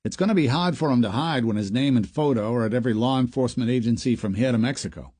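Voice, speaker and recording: A man's voice: mid-range voice, fast, mellow, dry recording, natural voice. A man voicing a casual, chatty male FBI agent with a Boston accent in an audiobook.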